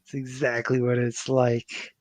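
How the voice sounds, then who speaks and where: A man's voice: mid-range voice, completely flat delivery, a little slow, dry recording, poor audio. Swearing, joking male podcast host. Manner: loose, joking, swears freely. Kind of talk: casual profane wrestling review chat.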